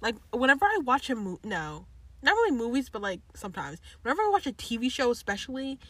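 A woman's voice: fairly high pitch, sing-song, quick pace, bright, forceful tone, no echo. A young woman co-hosting a podcast, chatting casually with a teasing, slangy way of talking and frequent interruptions. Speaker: podcast co-host. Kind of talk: casual chat.

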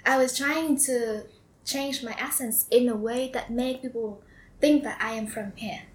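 Guest: young woman with a Vietnamese accent, a bit high-pitched, giggly and hesitant, recorded in a roomy space. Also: fairly even intonation, unhurried. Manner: laughing often, hesitant with ums. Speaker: guest, former foreign student. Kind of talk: casual storytelling interview. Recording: echoey room with faint ambience.

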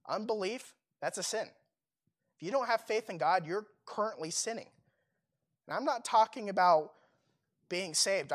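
Young guy preaching, chatty, lots of "like" and questions to the crowd. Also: sits high. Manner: casual, conversational preaching with fillers and rhetorical questions. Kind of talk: sermon.

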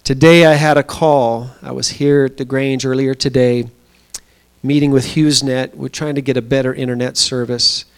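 A man's voice: mid-range voice, steady tone, smooth. Man preaching in an easy storytelling way. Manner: storytelling, conversational with pauses and fillers. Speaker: pastor. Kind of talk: sermon. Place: small church.

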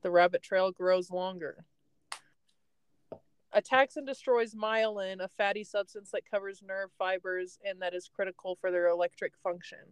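A woman's voice: medium pitch, fairly even intonation, normal speed, clean tone, no room sound, low-quality recording. A young woman hosting a podcast, telling a story in a casual, rambling way and laughing often. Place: in a parked car.

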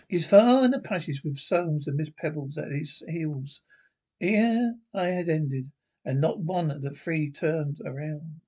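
A man reads a gothic short story aloud, telling it in the first person with dramatic flair. His voice sits a little high for a man and carries a husky, breathy grain. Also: lively intonation, unhurried, warm tone. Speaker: reader.

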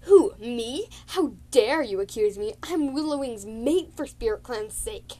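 A woman's voice: fairly high pitch, expressive, a little slow, warm tone. A woman voicing a hot-tempered male warrior cat, outraged and blustering.

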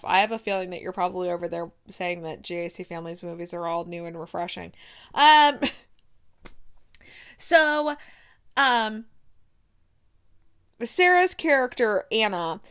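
A woman hosting a casual movie recap, chatty and animated, with exaggerated outbursts. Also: medium pitch. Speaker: movie review host.

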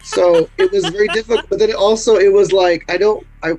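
Male actor guest, modest and halting, voice a touch high. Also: fairly even intonation, darkish tone, soft background music, rough recording. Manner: hesitant, modest, many fillers. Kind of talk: casual interview chat.

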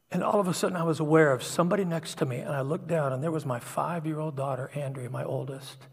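A middle-aged man preaches a sermon with a slightly high, husky voice. He tells personal stories in a confessional way, dropping to a hush and then rising loud. His voice rings with long reverb in a large hall. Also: steady tone, brisk. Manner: emotional, confessional storytelling with swings from hushed to loud.

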